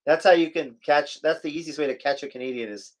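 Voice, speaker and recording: A fast-talking man from the US West Coast with a fairly high pitch co-hosts a casual live chat stream. He's chatty and jokes around while reading viewer comments aloud.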